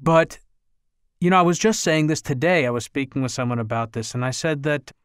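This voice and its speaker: A man's voice: on the high side, brisk, clean tone, no room sound. A man hosting a podcast from a makeshift basement home studio, talking in a candid, emphatic, conversational way. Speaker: podcast host. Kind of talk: casual conversation.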